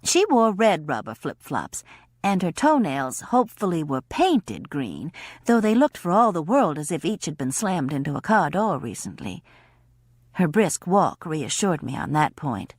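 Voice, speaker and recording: A woman narrating an audiobook in a wry, expressive way. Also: low-pitched, measured pace, dry recording, studio quality. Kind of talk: scripted narration.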